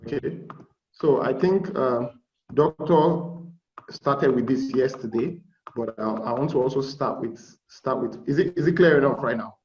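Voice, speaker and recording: A man's voice: medium pitch, unhurried, darkish tone. Nigerian man teaching on a muffled, echoey call. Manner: conversational, checks in often with "all right?", acts out buyer dialogues. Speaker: aquaculture instructor. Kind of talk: informal online class lecture. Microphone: video call.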